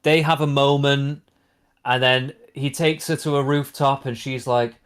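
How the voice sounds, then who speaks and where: A man co-hosting a casual podcast, retelling a plot in a rambling, animated way full of fillers. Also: medium pitch, unhurried, clear, resonant tone. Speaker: podcast co-host. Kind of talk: casual chat.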